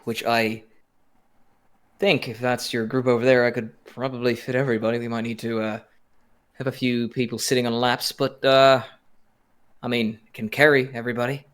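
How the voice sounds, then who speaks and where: A man's voice: mid-range voice, flat delivery, moderate pace, clean tone. Man tabletop player, rambling, hesitant. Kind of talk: casual tabletop role-play.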